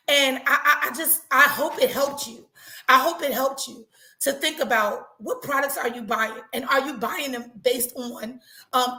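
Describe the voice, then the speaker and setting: A woman hosting a casual live talk, chatty and animated, repeating herself for emphasis. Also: high voice, roomy sound. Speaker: host.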